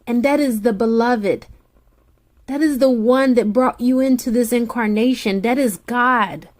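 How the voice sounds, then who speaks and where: At a measured pace, a woman with a voice on the high side gives a soothing spiritual pep talk as a tarot reader. She talks directly to the listener and keeps repeating her encouragements.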